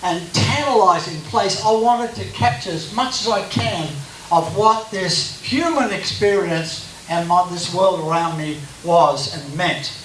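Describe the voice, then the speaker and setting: A man's voice: sits high, unhurried, a bit bright. An Australian man giving a chatty, joking personal talk as guest speaker at a church gathering. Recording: echoey room from a distance, faint hiss.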